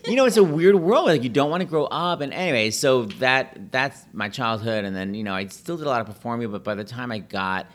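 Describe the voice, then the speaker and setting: A middle-aged man chatting casually, telling animated stories and jumping into high voices when he quotes people. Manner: talks fast, breaks into high put-on voices when quoting people. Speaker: podcast guest, pianist and Broadway host. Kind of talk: casual chat, animated storytelling.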